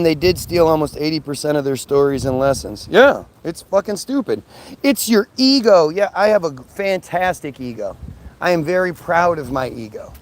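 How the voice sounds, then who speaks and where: A man's voice: high-pitched, noisy background. A man on a live stream answering viewer comments in a blunt, profane, combative rant.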